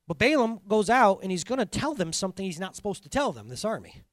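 Animated preaching man, lively pitch. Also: fast, no room sound, studio quality. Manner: animated storytelling, swinging from quiet intensity to loud laughing bursts. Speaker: pastor. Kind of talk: sermon.

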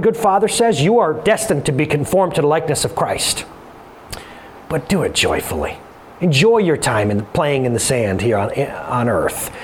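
A man in his thirties preaching a sermon in a conversational way, with jokey asides and quick self-corrections. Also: fairly high pitch, slight background noise. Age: 30s.

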